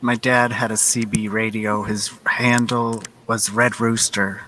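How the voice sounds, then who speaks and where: A man's voice: lowish voice, little pitch movement, measured pace, bright, forceful tone, slight background noise. A man in a casual group voice chat who makes brief, friendly remarks.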